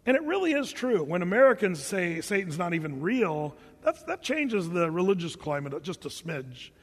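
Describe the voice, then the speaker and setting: A man's voice: high-pitched, big pitch swings, normal speed, long reverb tail. An older man preaching a sermon, telling stories with humor and sound effects. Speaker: pastor.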